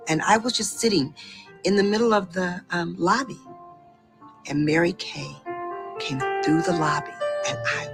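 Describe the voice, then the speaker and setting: Low-voiced woman, animated personal testimonial, faint music bed. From Boston area. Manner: animated storyteller with excited outbursts. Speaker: beauty consultant telling her story.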